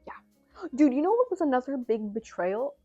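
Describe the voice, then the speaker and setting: A woman's voice: high voice, warm tone, dull audio. A young adult woman vlogging from home in a casual, rambling, self-deprecating way, with lots of fillers. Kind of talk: casual chat to camera.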